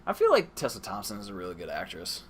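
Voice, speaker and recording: A man's voice: lowish voice, wildly swooping pitch, quick pace, a crowd in the background. A man co-hosting a podcast, laid-back and swearing in casual chat. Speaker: podcast co-host.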